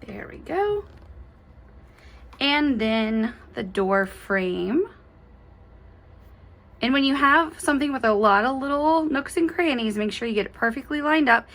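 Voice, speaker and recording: A woman's voice: a little high, fairly bright tone. A woman giving a chatty, enthusiastic step-by-step embroidery tutorial, gushing over cute details. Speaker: embroidery instructor.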